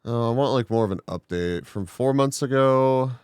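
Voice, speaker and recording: A man's voice: medium pitch, moderate pace, darkish tone, soft background music. A man chatting casually on a live stream, reacting to a video and talking back to it, with stammers when he gets flustered.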